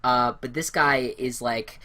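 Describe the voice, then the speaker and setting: A young woman co-hosting a casual recap podcast, loud and animated, laughing and swearing often. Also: extremely low pitch, measured pace. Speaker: podcast co-host.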